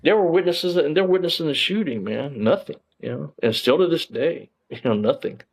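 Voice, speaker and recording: A man's voice: fairly high pitch, lively intonation, normal speed, vocal fry, breathy edge, poor audio. A man, a former police officer telling his story as an interview guest in a rambling way, full of restarts and fillers.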